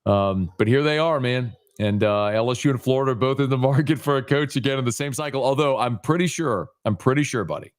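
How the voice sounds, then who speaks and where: A man's voice: medium pitch, brisk, few pauses. A man from Louisiana, a guest sports reporter, talking in an emphatic, casual way. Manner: emphatic, calls host buddy and man.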